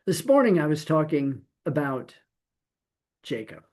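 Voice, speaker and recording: A middle-aged man giving a Torah teaching as a sermon, animated and acting out quoted voices. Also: fairly high pitch, unhurried.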